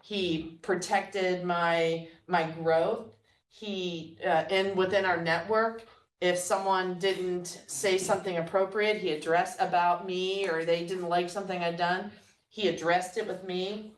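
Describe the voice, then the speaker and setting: A woman guest telling stories in a relaxed interview, acting out what others said, often with a laugh. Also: fairly low pitch, unhurried. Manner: animated storyteller, quotes others with laughs. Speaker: guest entrepreneur. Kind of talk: conversational storytelling. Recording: roomy sound, mic at a distance.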